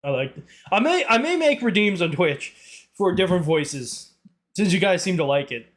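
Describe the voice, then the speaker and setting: A young Northern Irish man chatting casually on a live stream, his voice pitched high for a man and bouncing all over the place. He rambles from one tangent to the next and laughs a lot. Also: sing-song, moderate pace. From Northern Ireland.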